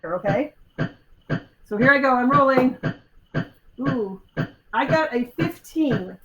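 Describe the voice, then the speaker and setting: A woman with a high voice speaks slowly, game-mastering a live tabletop game on a convention stage, lively as she explains the rules with ums and acts out the fight's moves. The recording is muffled with a little hiss or hum, captured in a live convention hall over a loud crowd.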